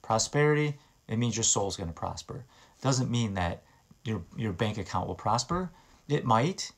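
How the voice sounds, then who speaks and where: A man's voice: fairly low pitch, animated, normal speed. A man giving an informal, earnest sermon, talking conversationally and often restarting and repeating his words. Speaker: preacher.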